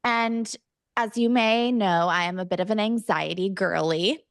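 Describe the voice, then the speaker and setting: A woman's voice: medium pitch, unhurried, no echo. Chatty woman on a dry podcast mic. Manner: chatty, self-mocking, slips into playful Irish-accent bits. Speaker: podcast co-host. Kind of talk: casual chat.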